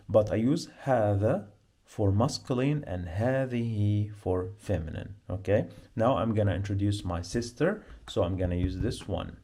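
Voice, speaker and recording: A man with an Arabic accent teaching a beginner lesson, speaking slowly and repeating each word to drill pronunciation. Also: lowish voice, warm tone. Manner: slow, repetitive, drills pronunciation.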